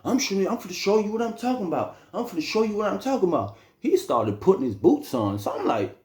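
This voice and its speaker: A young man casually telling a story, animated and slangy, often repeating phrases. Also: high-pitched, quick pace. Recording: roomy echo.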